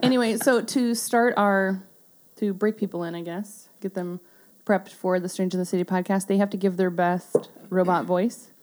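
A woman's voice: mid-range voice, steady tone, normal speed, darkish tone. A woman in her twenties hosting a podcast in casual chat, laughing often. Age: 20s. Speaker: podcast host.

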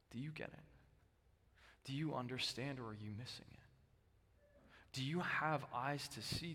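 A male pastor preaching a sermon, with emphatic stress that swings between loud bursts and hushed, low lines. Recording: long hall reverb.

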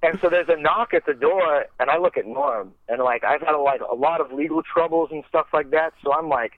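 As a guest on a podcast, a man rambles through a long story, swearing often, saying "like" constantly and laughing at himself. His slightly high voice moves a little fast, and the dry, tinny, echo-free sound resembles a phone call.

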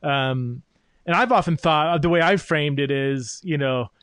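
A man's voice: on the high side, unhurried, fairly bright tone, clear, resonant tone, no echo. A man hosting a podcast, talking through ideas in a thoughtful, searching way with many fillers. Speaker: podcast host. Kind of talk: interview conversation.

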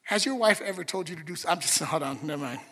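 Male pastor, sermon, bright, forceful tone, conversational and earnest, reverberant hall. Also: fairly high pitch, lively intonation, quick pace. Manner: conversational, earnest, with restarts and asides to the congregation.

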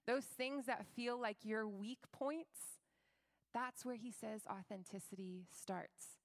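A young adult woman giving a conversational, earnest sermon about faith, with filler words and lively acted-out quotes. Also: a little high, takes it slowly, no room sound, clean studio sound. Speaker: Christian speaker.

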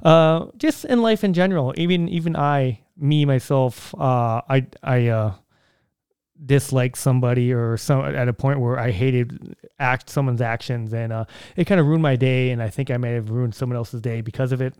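Rambling man with a smooth, dry voice. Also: medium pitch, steady tone, moderate pace, a little mellow, no room sound. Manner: rambling, conversational, many fillers and restarts. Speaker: podcast host. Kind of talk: casual solo podcast monologue.

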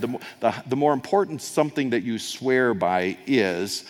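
Preaching at a moderate pace with hardly any pauses, a male pastor uses a mid-range voice. His sermon tells the story in a conversational way, with asides and acted-out quotes, and a long hall reverb trails his words.

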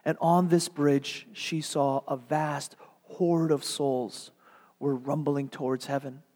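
A male pastor tells a story in his sermon with dramatic, earnest pacing. His fairly high voice carries through a church sanctuary with a long hall reverb. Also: little pitch movement, slow, a little mellow.

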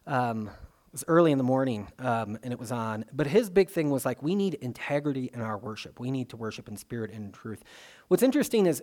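Male pastor, mid-pitched, conversational sermon delivery with fillers and sudden emphasis. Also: darkish tone. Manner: conversational, dynamic, with frequent fillers and restarts.

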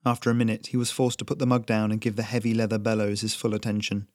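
A man reading a story aloud in a slow, measured narration. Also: lowish voice, monotone, no room sound, studio quality.

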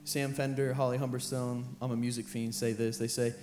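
A young man, a high school pastor, preaching an earnest sermon that repeats phrases and builds in intensity. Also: level tone, fairly quick, a little mellow. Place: church sanctuary with band playing behind. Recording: roomy church hall with live music.

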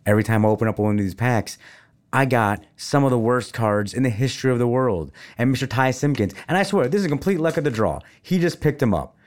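A middle-aged podcast host speaks quickly at a medium pitch, running a casual chat. He's animated and playfully teasing, addressing his listeners directly as folks.

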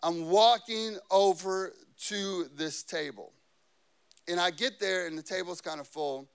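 A man with a notably high voice preaches a sermon. He tells a quiet personal story, then reads scripture aloud with rising, emphatic force, pressing on key words. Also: unhurried, creaky, clear, resonant tone. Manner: swings from quiet anecdote to loud emphatic scripture reading. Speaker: pastor.

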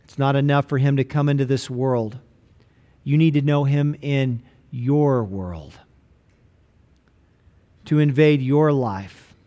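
A man preaching a sermon as a pastor, slowing down to stress key lines. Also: mid-range voice, mellow.

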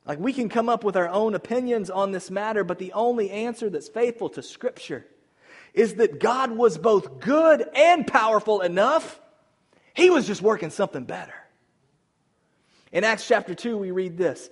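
A man preaching a sermon to his church, moving between loud emphatic calls and hushed, tender passages. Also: sits high, expressive, normal speed. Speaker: pastor. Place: church sanctuary.

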